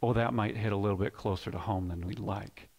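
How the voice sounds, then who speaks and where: A man preaching a sermon as pastor, swinging between loud emphatic bursts and hushed low lines, often repeating words as he builds a point. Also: fairly even intonation, fairly quick. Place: church sanctuary.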